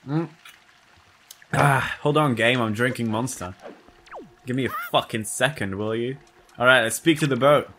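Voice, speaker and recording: A man's voice: medium pitch, normal speed, long pauses, a little hiss or hum. A man giving casual, profane let's play commentary, joking and talking to himself as he plays. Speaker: gameplay commentator. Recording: game music loud behind.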